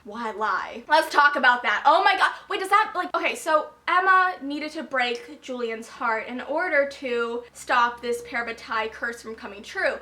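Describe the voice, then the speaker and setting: Young woman book vlogger: high, bright, gushing, full of fillers, talking close to a camera mic. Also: moderate pace, hardly any pauses. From United States. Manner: gushing and excitable, lots of "like" and laughing. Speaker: book reviewer. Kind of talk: casual book review vlog.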